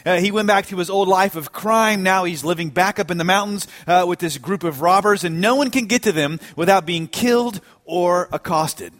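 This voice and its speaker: A man preaching a sermon, telling a story with animated, emphatic delivery that builds to strong peaks. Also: high-pitched, fairly quick. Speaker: pastor.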